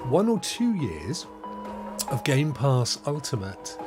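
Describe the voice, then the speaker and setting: A man hosting a casual live stream, chatting upbeat and laughing often as he greets viewers. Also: medium pitch. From England. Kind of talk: casual live chat, reading viewer comments.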